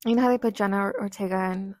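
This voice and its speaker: A woman's voice: mid-range voice, fairly even intonation, rapid-fire, a little mellow. A young woman co-hosting a podcast in casual chat, laid-back and giggly, giving short replies. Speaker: podcast co-host.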